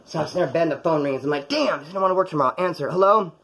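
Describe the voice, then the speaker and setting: A man's voice: fairly high pitch, very fast, a bit bright, breathy edge, rough recording. A man telling a true story from his own life in a casual, rambling, profane way, acting out the voices of the people in it.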